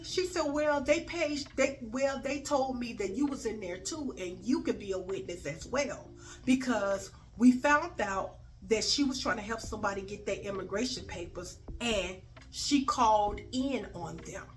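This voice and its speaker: A woman telling a story in a casual vlog, acting out the dialogue with big swings in pitch and loudness, and swearing freely. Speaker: storyteller vlogger. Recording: faint music in the background.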